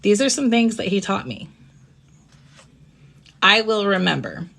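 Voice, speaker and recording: A woman hosting a live-streamed personal talk. She speaks reflectively and gently, often checking in with her listeners by asking "right?". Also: medium pitch, very animated, measured pace, vocal fry. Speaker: host.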